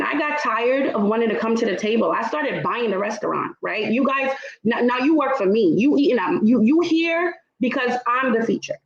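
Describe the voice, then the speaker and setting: A Trinidadian woman with a voice pitched fairly high sits on a panel in an online travel talk. Her accent mixes Trinidad and New York, and she speaks with emphasis in the casual discussion, often asking "right?" The audio is roomy and dull.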